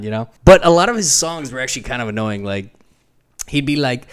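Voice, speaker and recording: A man co-hosting a casual podcast, talking at length and breaking into goofy high impressions now and then. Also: brisk, clear, resonant tone. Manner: animated storyteller who breaks into goofy sung impressions. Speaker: podcast co-host. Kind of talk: casual chat.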